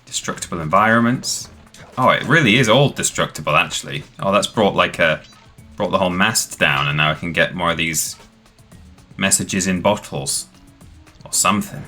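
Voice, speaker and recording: Deep-voiced, chatty gaming streamer man. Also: moderate pace, bright, forceful tone. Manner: chatty, rambling, enthusiastic. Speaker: streamer host. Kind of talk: live gameplay commentary. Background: faint game music.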